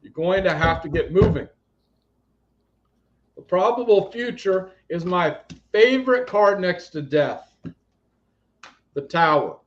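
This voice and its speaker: Blunt, animated man on muffled audio. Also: sits high, takes it slowly, long pauses. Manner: blunt, animated, swings between loud commands and quiet asides. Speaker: psychic healer. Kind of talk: live spiritual reading and energy healing.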